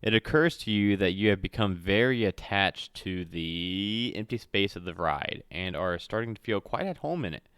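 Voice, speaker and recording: A man with a low, smooth voice reads out a solo adventure module as game master. He trips over words, corrects himself and breaks off for casual asides. The sound is close and dry, with no room around it. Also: expressive, normal speed, hardly any pauses, a bit bright, no room sound. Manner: reads with slips and self-corrections, chatty asides. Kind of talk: reading a solo adventure aloud.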